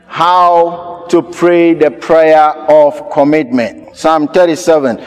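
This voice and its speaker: A pastor, preaching a sermon with emphatic repetition. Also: male voice, a little high, fairly even intonation, slow pace, clear, resonant tone, big-room sound, soft background music. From Ghana. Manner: emphatic, repeats key phrases.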